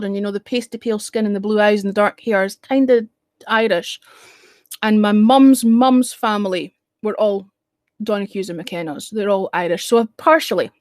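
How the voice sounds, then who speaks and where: A woman's voice: medium pitch, dry recording, studio quality. A Scottish woman hosting a livestream, talking frankly and casually, swearing now and then. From Scotland. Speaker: livestream host. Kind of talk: casual chat. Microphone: streaming mic, close.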